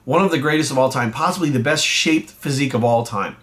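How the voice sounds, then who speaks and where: A bodybuilding coach and vlogger talks fast in a medium-pitched, slightly bright voice, ranting straight to camera. He's angry and blunt, swearing heavily as he grows more worked up.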